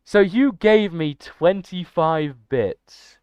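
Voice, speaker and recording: A young man chatting excitably and rambling to his livestream chat. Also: a little high, a little slow, clean tone, no room sound. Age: young adult. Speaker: streamer. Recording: dull lo-fi dry mic.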